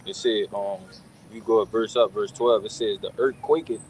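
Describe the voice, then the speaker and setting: A man in a casual scripture discussion, reading verses slowly in a steady, emphatic way. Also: lowish voice, slight background noise, rough recording. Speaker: discussion participant.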